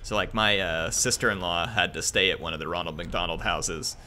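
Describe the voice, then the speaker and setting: A young man on a gaming stream reading a viewer's message aloud, halting and emotional, full of ums, earnest and grateful. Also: deep voice, pushed and bright, slight background noise. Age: young adult.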